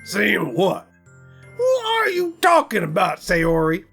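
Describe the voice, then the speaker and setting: A young male student blurting out melodramatic lines, lurching from deep mutters to shouted outbursts, as a woman acts him out. His delivery is loud and over the top, over faint game music. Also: wildly swooping pitch, slow pace, vocal fry, breathy edge, full character voice. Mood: hurt.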